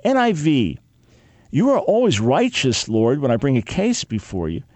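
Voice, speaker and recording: An older man in his sixties teaching a sermon, reading Bible verses and acting out dialogue with God in an animated way. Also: medium pitch, normal speed, no echo.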